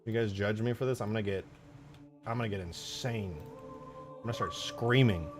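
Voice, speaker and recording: A young man live-streaming his game modding, chatting casually with viewers and breaking into loud, goofy shouts. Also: fairly low pitch, moderate pace, over music. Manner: excitable, jumps to loud shouts and goofy banter. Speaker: livestreaming game modder.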